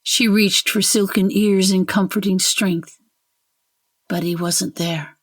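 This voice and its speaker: A woman narrating a fantasy short story in a measured, deliberate way. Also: mid-range voice, fairly even intonation.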